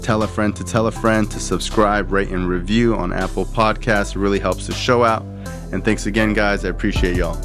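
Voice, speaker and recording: A man's voice: on the low side, fairly even intonation, normal speed, music in the background. A man hosting a podcast, reading the outro and sponsor message to listeners in a friendly, direct way. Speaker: podcast host. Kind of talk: show outro and sponsor read.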